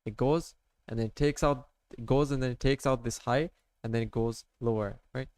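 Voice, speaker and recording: Showing his trading charts in a casual screen-share, a man rambles along with plenty of "like," "okay?" and "right?" His medium-pitched voice has a darkish tone and fairly even intonation at a normal speed, and there's no room sound.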